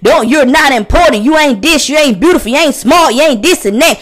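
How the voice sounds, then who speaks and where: A woman with a high voice delivers a podcast sermon in a heartfelt preaching manner. She talks straight to her listeners, repeats her phrases for emphasis and keeps calling on them to respond. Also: lively intonation, fairly quick. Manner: impassioned, calls out to listeners; conversational preaching with repetitions.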